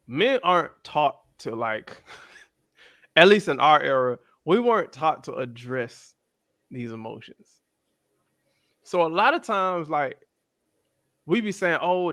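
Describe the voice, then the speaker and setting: A man in his thirties co-hosting a podcast, speaking in an animated, slangy chat. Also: no echo, clean studio sound. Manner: animated, slangy, jumps into high-pitched voices when quoting others. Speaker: podcast co-host. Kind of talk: casual chat.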